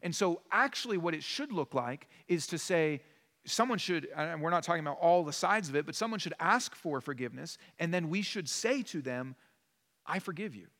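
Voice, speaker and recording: A male pastor preaching in an earnest, emphatic and conversational way, with a slightly high voice. The sound carries a long reverb from a church sanctuary. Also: expressive, fairly quick, fairly bright tone. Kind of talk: sermon.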